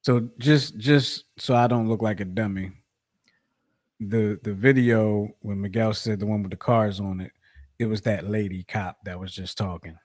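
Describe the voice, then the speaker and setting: A man's voice: lowish voice, fairly even intonation, normal speed, darkish tone. Rambling male podcast co-host. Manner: rambling, repeats himself, frequent fillers. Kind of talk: casual sports chat.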